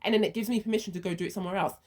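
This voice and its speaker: A woman's voice: medium pitch, fairly even intonation, very fast, a little mellow. A woman speaking her views in an earnest monologue, walking through a hypothetical first-person story step by step. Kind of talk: reflective monologue.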